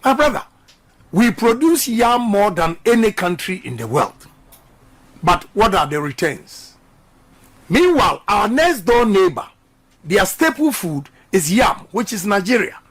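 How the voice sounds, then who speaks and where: A man's voice: high voice, big pitch swings, measured pace, a bit bright, husky. A middle-aged man with a Ghanaian accent giving an impassioned radio interview as a politician, emphatic and repeating slogans. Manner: emphatic, repeats slogans, mixes English and Twi. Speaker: politician guest.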